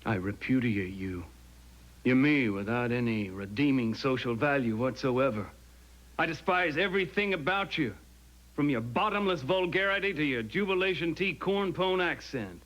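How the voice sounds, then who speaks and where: A man's voice: medium pitch, animated, moderate pace, fairly bright tone, close to an everyday voice, low-quality recording. An actor playing a pompous, wordy, haughty man in a soap opera. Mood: scornful.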